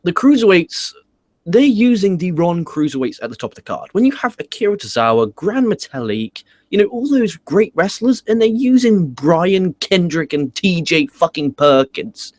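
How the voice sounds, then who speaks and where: A man's voice: high-pitched, normal speed, no room sound. A man with an English accent hosting a casual wrestling review, ranting and swearing as he talks. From England. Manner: profane, animated ranting. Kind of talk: casual podcast chat.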